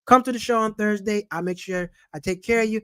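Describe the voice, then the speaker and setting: A middle-aged man rants about money straight to camera, animated and preachy, with plenty of street slang. His voice sits high for a man, recorded dry and close with no room sound. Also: a little fast, clear, resonant tone, dry recording. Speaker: channel host and comedian. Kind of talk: casual personal finance vlog.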